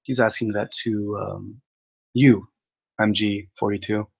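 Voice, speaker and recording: A man's voice: lowish voice, flat delivery, unhurried, creaky, breathy edge, muffled recording. Mocking exasperated man ranting. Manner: mocking, exasperated, laughs often, swears. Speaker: livestream host reading chat. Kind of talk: ranting livestream chat.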